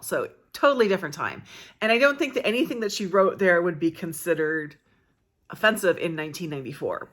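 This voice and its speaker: A woman's voice: low-pitched, a bit bright. An American woman reviewing books in casual, chatty talk, thinking aloud with plenty of fillers and restarts. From United States. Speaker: book vlogger. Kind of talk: casual book review chat.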